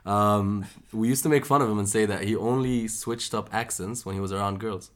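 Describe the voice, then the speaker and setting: A man's voice: lowish voice, brisk, fairly bright tone. A young man co-hosting a podcast, chatting playfully and mimicking others in his anecdotes. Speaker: podcast co-host. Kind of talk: casual chat.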